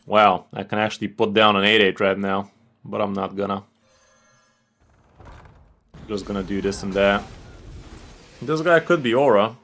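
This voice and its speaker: A man streaming a card game, giving excitable, trash-talking and profane casual gameplay commentary. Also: on the low side, moderate pace, pauses often.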